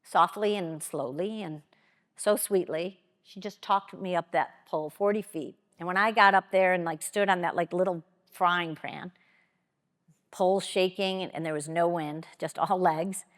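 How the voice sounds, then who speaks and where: A woman with a somewhat low voice tells a personal story on a conference stage. She leans on dramatic pauses and voices the people in her story. The sound carries the long reverb of a large hall. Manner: expressive, dramatic pauses, quotes people aloud. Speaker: keynote speaker. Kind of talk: motivational storytelling talk.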